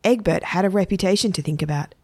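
A woman narrating a children's story in a plain, even manner. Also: lowish voice, fast talker, no room sound, studio quality.

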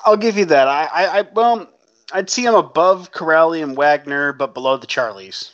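A man with a somewhat high voice co-hosts a casual podcast, dropping dry joking asides. His audio sounds dull and lo-fi. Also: expressive, normal speed, fairly bright tone. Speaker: podcast co-host. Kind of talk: casual chat.

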